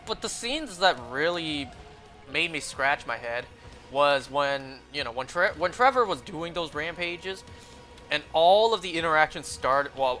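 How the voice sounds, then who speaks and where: A young man chats casually on a live stream, thinking out loud and wandering from point to point. His voice sits a bit high and rings bright and forward. Soft music plays faintly behind him. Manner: rambling, musing aloud.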